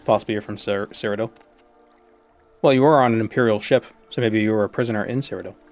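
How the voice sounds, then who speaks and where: A man's voice: fairly low pitch, steady tone, quick pace, soft background music. A man streaming a game, musing aloud in a rambling way full of fillers and restarts. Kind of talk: casual gameplay commentary.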